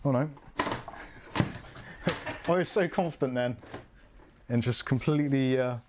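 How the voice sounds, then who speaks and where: A man's voice: medium pitch, measured pace, a little mellow, slight background noise. A British man from the UK chatting casually and mocking himself while he narrates a live PC build. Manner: chatty, self-mocking, thinking aloud while working. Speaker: PC build streamer.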